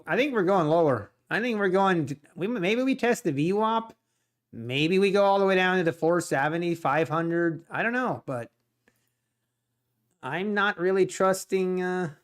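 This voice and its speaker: Casual male streamer, a touch high-pitched, talks to chat between trades and laughs easily. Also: animated, a little slow. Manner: chatty, laughs often, addresses chat directly. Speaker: day trading livestream host. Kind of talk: casual livestream chat and market commentary.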